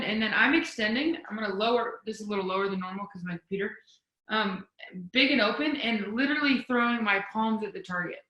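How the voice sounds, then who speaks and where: A woman speaking as a volleyball coaching guest on a video call, energetic and emphatic, demonstrating as she talks. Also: fairly high pitch, roomy sound, lo-fi sound. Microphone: video call mic.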